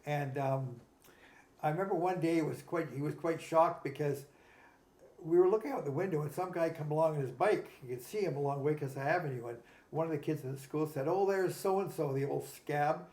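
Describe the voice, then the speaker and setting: A man from Canada, casually telling animated stories and acting out the quotes. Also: fairly high pitch, fairly quick. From Nanaimo, Canada. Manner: animated anecdotes, acts out quotes. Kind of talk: casual storytelling. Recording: roomy echo.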